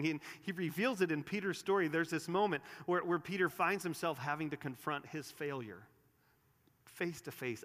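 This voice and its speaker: A man preaching a sermon in a church, earnest, rising to emphatic peaks and dropping to quiet, soft lines. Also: mid-range voice. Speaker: pastor. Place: church sanctuary. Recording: long reverb of a large room.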